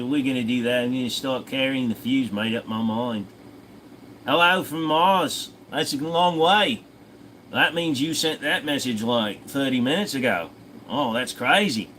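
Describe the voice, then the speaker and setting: Man, livestream host, swears freely, casual Q&A, mid-pitched voice. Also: bright, forceful tone, a little hiss or hum, rough recording. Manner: profane, offhand, reads viewer comments aloud and answers.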